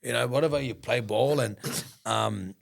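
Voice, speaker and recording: A man telling a story as a podcast guest in casual, profane talk, excitable and full of restarts. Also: medium pitch, normal speed, gravelly. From Australia. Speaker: podcast guest, business founder.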